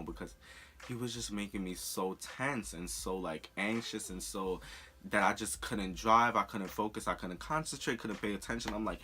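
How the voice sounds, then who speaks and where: A young man telling a personal story in a candid, profane, animated way on a storytime vlog. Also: sits low, normal speed. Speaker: vlogger.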